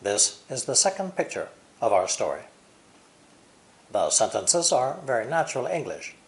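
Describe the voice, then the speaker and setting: An American-accented man teaches an English pronunciation lesson, speaking deliberately and exaggerating stress and intonation. His medium-pitched voice is very animated.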